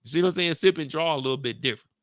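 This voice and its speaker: A man's voice: on the high side, very fast, a bit bright, no room sound. A man hosting his show, chatting loosely in slang and repeating his points. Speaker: YouTube show host. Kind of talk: casual recap chat.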